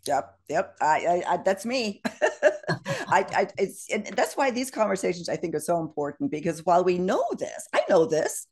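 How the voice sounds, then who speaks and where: A woman hosting an interview, agreeing warmly with her guest, laughing at herself and reading out the next prompt. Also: lowish voice, lively intonation, moderate pace, hardly any pauses, slightly rough. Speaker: show host. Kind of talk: casual interview chat.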